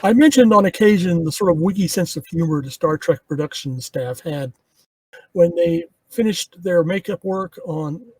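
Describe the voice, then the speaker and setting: Man, podcast co-host, anecdote teller, high husky voice, dry close sound. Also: moderate pace, no room sound. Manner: storytelling, anecdotal. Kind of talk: casual commentary with trivia anecdotes.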